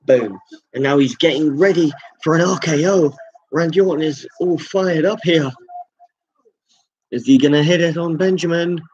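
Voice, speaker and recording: A man hosting a live reaction stream, calling wrestling moves with excited jumps and chatting to his viewers. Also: on the high side, normal speed, pauses often, husky, lo-fi sound. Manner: chatty, thanks viewers directly.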